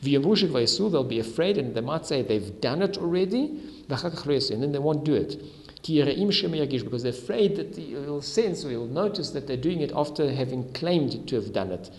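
Gravelly man teaching a Talmud passage. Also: fairly high pitch, lively intonation, a little slow, big-room sound. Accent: Ashkenazi Hebrew pronunciation. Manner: reads Aramaic then explains in English. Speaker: Torah teacher. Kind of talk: Talmud lesson, reading and translating.

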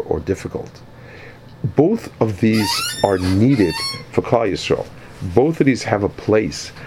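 Man, very low voice, Torah lecture, halting and repetitive, faint room ambience. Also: a little mellow, a little hiss or hum, rough recording. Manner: halting, repeats words, many ums. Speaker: rabbi teaching Torah.

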